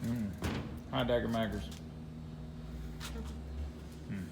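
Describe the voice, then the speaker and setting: A man's voice: medium pitch, steady tone, slow pace, heavy background noise. A man talking casually in a vlog about his mill work, rambling and folksy, chuckling often. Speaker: logger and mill worker vlogger.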